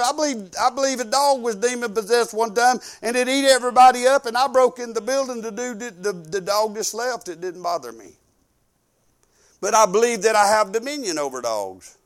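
Male preacher, middle-aged, high-pitched, folksy and rambling, loud then hushed. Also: normal speed. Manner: animated, swinging from loud to hushed; colloquial, rambling with restarts. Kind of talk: folksy storytelling sermon.

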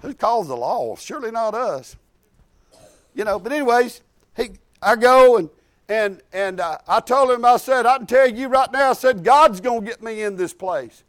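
Male preacher with a very high voice; folksy testimony sermon, emphatic, restarts often. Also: animated, moderate pace.

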